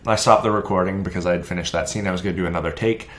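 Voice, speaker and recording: A young man co-hosting a podcast in casual chat, telling stories with lively energy and acting out the people in them. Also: low voice, very fast. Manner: animated storyteller, acts out quoted voices. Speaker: podcast co-host. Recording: roomy echo.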